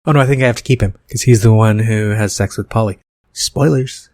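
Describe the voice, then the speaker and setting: Reading his own screenplay aloud on his podcast, this host keeps wandering into asides where he corrects himself, a casual commentary on his script. He talks fast in a lowish, darkish voice, and the recording has no room sound.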